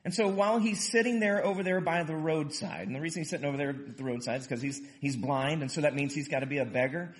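Guy preaching, kinda high voice, lively and casual, acts out the lines. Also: quick pace, few pauses. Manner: animated preaching, acts out quotes loudly, casual asides. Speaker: pastor. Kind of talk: sermon.

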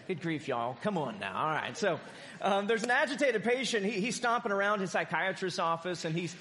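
A male pastor delivers a lively sermon to his congregation. His voice sits high for a man. He mixes jokes into the preaching and keeps calling for amens. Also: fairly quick. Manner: animated, joking preacher with congregation call-and-response. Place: church sanctuary.

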